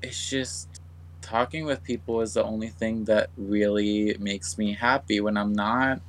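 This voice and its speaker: A man talking casually on a podcast, rambling and trailing off as he thinks out loud. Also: on the low side, steady tone, unhurried, poor audio. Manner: rambling, trails off and restarts, soft-spoken. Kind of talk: casual chat.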